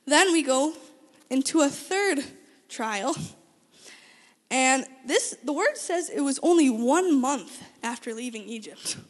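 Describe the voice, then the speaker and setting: A high-pitched woman gives a casual Bible lesson, retelling stories with lively energy. She stumbles and restarts phrases as she goes and throws questions to her listeners. Her voice rings out with a long reverb, as in a big hall. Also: slow pace. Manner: lively storytelling, frequent restarts, asks audience questions. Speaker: Bible teacher.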